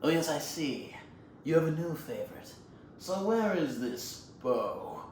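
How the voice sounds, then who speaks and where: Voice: mid-range voice, very animated, unhurried, roomy sound, a little hiss or hum. A performer voicing a bitter, vengeful male snow leopard warrior who hurls accusations. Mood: menacing. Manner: shouting accusations.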